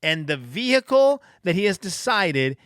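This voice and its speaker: Animated man telling a story. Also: high voice, unhurried, clear, resonant tone, dry recording, studio quality. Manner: animated, self-deprecating storytelling. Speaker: podcast host. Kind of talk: casual storytelling monologue.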